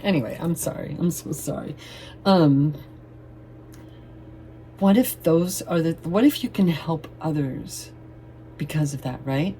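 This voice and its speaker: Low-voiced woman reading tarot. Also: measured pace, dark tone, a little hiss or hum. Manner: chatty and loose, swears playfully, laughs often. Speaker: tarot reader. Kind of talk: casual tarot reading to camera.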